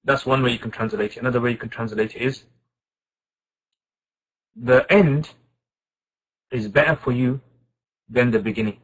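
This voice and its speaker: A man teaching an informal Quran class, asking his students questions and reciting Arabic verses quickly. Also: mid-range voice, rough recording. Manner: lively, asks the class questions and answers them.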